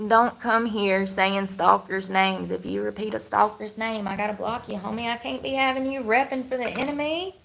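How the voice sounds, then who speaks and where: Blunt rambling woman with gravelly voice. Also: medium pitch, fairly even intonation, moderate pace, hardly any pauses, a bit bright. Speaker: livestreamer chatting with viewers. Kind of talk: casual livestream chat.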